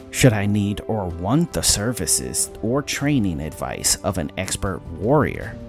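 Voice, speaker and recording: A cold, exacting fae noblewoman, as a male narrator voices her. She speaks in a formal, precise and cutting way, low in pitch, over a faint bed of music. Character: haughty fae woman, cool and precise.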